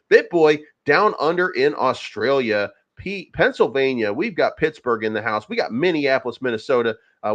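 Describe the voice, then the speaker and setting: A man's voice: mid-range voice, a bit bright. A man hosting a casual crypto livestream, rambling and profane, with many fillers and restarts. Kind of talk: casual livestream market commentary.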